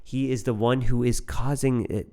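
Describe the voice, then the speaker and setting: A man's voice: mid-range voice, fairly even intonation, normal speed, dark tone. A young man co-hosting a Christian podcast, talking earnestly and building into fervent, prayer-like lists. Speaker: podcast co-host. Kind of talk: casual Christian podcast conversation.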